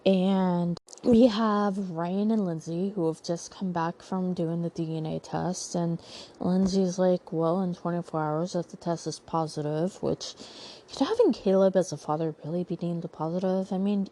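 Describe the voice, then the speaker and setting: A woman's voice: on the low side, unhurried, mellow. A young woman hosting a casual recap podcast, chatty and full of sarcastic asides. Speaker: podcast host recapping a TV show.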